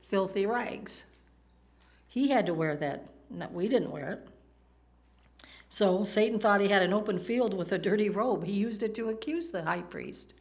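A woman preaches a sermon in a conversational style, frequently putting questions to her listeners. Her voice sits in the mid-range, and she speaks a little slowly.

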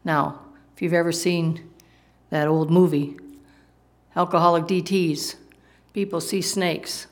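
A woman's voice: fairly low pitch, flat delivery, takes it slowly, pauses often. A woman preacher giving a sermon, emphatic, asking the congregation rhetorical questions and explaining the meanings of Greek words.

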